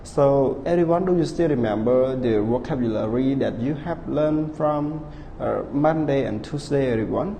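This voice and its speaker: Gravelly male teacher in an echoing room. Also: medium pitch, mellow. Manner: spells words letter by letter, keeps checking with the class; calls himself teacher, repeats words slowly. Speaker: English teacher. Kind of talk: online class lesson. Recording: reverberant room with faint background hiss.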